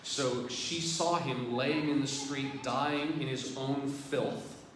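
A priest preaching to his congregation in a relaxed, conversational manner. His voice sits at an ordinary male pitch and rings through a huge, echoing church. He is heard from some way off the mic, with a steady background hiss. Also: slow pace. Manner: conversational, addresses the congregation directly. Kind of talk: sermon. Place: large church. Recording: very echoey church, distant mic, background noise.

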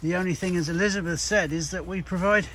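A man's voice: high voice, steady tone, fast, a bit bright. A man who runs a plant nursery, chatting casually and bluntly, swearing freely as he works outdoors. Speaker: nursery owner. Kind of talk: casual chat. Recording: noisy outdoor recording.

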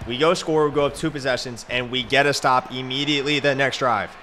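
A young man commenting on his own video game, frustrated and swearing, muttering low then suddenly yelling. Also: fairly even intonation, brisk, slight background noise. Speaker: gaming streamer.

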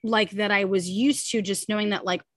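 A woman in her thirties, a podcast guest, candidly telling a personal story in quick, casual talk full of "like" and "you know". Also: mid-range voice, steady tone, no echo, studio quality.

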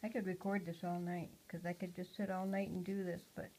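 A woman at home talking to her pet parrot in a casual home video, cooing softly and often dropping to a hush. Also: lowish voice, little pitch movement, a little fast, slight background noise, low-quality recording. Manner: soft, cooing talk to a pet, often hushed.

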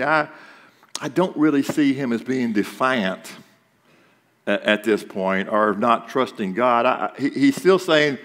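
A man's voice: mid-range voice, expressive, measured pace, fairly bright tone, big-room sound. A male pastor giving a sermon, talking conversationally and asking the congregation rhetorical questions. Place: church sanctuary.

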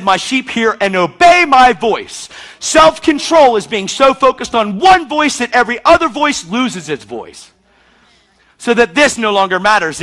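A man's voice: high-pitched, fairly bright tone. A man preaching an emphatic, intense sermon, acting out scenes with sound effects. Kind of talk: charismatic sermon.

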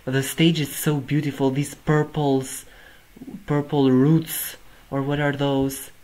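A man's voice: medium pitch, level tone, slow pace, a little mellow, rough recording. A man hosting a music reaction video, gushing over the performance and exclaiming over and over in amazement. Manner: effusive, keeps exclaiming "oh my god". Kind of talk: reaction commentary.

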